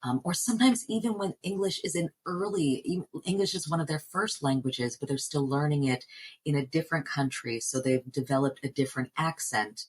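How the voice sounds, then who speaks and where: A woman's voice: low-pitched, brisk, husky, low-quality recording. An American woman from New Jersey, a voice coach, answering interview questions in an earnest, reflective way. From New Jersey, United States. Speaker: voice coach and actor.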